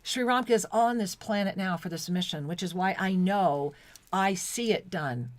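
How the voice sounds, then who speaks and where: A woman co-hosting spiritual talk radio, her voice pitched in a middling range. She speaks in an effusive, devotional way and restarts her sentences often. The sound is dry and close, with no room echo. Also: normal speed. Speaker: co-host. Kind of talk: spiritual talk radio, reading chat messages.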